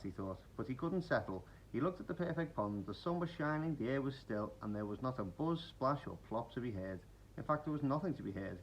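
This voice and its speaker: A man reading a children's picture book aloud in an expressive bedtime-story manner. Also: mid-range voice, a little fast, a little hiss or hum, rough recording. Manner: animated, expressive.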